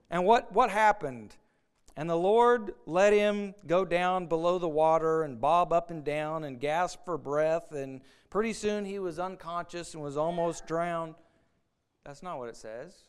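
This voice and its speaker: A man's voice: sits high, clear, resonant tone. A man preaching a sermon, earnest, often repeating words and acting out the voices of doubting people.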